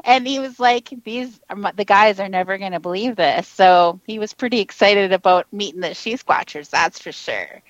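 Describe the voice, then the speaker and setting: A woman's voice: mid-range voice, normal speed, hardly any pauses, no room sound. Woman co-host telling a rambly story, dry dull-ish recording. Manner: chatty, rambling storyteller who laughs often. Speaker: podcast co-host. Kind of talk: casual storytelling chat.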